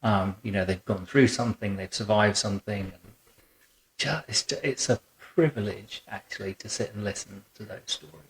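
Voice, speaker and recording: A man hosting an interview as a boudoir photographer, chatting in a warm, rambling way in his photo studio, full of fillers and restarts. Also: lowish voice, normal speed, slight background noise. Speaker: boudoir photographer and podcast host. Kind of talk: relaxed conversational interview.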